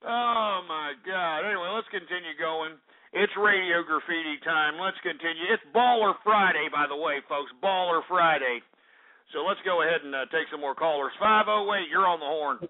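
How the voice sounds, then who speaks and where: A man's voice: a little high, normal speed. Brash, profane male radio host. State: out of breath. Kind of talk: crude comedic call-in radio. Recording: tinny phone-line radio with faint music.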